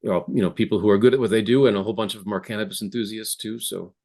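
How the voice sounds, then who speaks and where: Low-voiced man, halting interview guest. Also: fairly even intonation, a little mellow. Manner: hesitant, many restarts and fillers. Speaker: app founder guest. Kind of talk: casual interview conversation. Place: home office.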